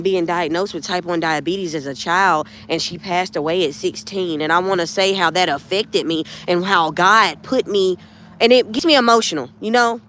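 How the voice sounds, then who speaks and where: A woman's voice: fairly low pitch, fairly bright tone, slight background noise. Woman, casual livestream host, rambling, heartfelt, talks straight to her viewers. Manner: rambling and heartfelt, often addresses viewers as y'all. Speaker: lifestyle vlogger hosting a livestream. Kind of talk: casual livestream chat with faith talk.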